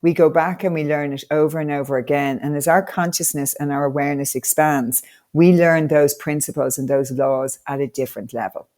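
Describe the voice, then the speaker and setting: A woman's voice: deep voice, fairly even intonation, a little fast, hardly any pauses, darkish tone. A woman coach, a podcast guest, telling stories with enthusiastic, motivational energy. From Ireland. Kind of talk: conversational podcast interview.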